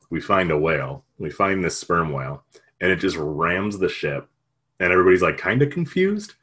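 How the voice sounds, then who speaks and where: A man's voice: deep voice, a bit bright, husky. A man retelling a story in casual chat, rambling and jokey, with lots of fillers.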